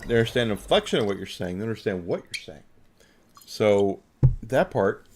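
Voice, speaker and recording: Rambling low-voiced man playing a game. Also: big pitch swings, normal speed, a little hiss or hum. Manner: rambling, chatty, filler-heavy. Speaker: gamer. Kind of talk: casual gameplay commentary.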